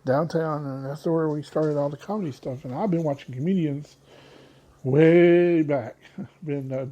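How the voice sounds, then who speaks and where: A man's voice: on the high side, measured pace, warm tone. A man hosting his own podcast in casual solo talk, rambling and often losing his train of thought. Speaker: podcast host.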